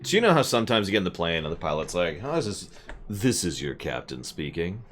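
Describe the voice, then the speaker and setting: A man streaming a video game, rambling and joking as he plays, often jumping into high mock voices. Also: sing-song, fast talker, music in the background. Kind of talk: casual gameplay commentary.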